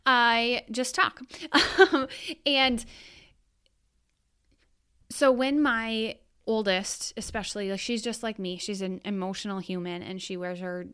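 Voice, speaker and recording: A woman in her thirties with a smooth, clear voice chats frankly on her solo podcast. She talks as a mother, wanders off into asides and corrects herself as she goes. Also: medium pitch, fairly even intonation, unhurried, long pauses. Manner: chatty, frank, rambling with self-corrections. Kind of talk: casual solo podcast monologue.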